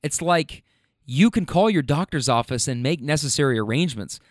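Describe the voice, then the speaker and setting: A man hosting a casual monologue, animated and frank, swearing freely as he retells a conversation. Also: a little high, moderate pace, no echo, clean studio sound.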